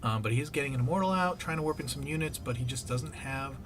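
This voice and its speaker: A man's voice: medium pitch, quick pace, over music. A man giving casual play-by-play commentary on a strategy game, often pleading with the players. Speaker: game caster.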